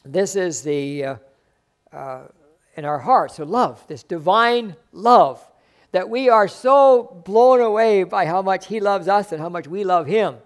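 A male pastor with a noticeably high voice delivers a sermon. He swings from loud, emphatic bursts down to soft, hushed asides.

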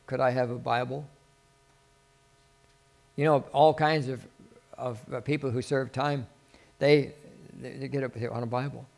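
Pastor, male, mid-pitched, earnest and rambling small-group preaching, hushes for quoted prayers. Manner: rambling and earnest, with many restarts, dropping to a soft voice for quoted prayers. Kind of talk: informal sermon to a small group.

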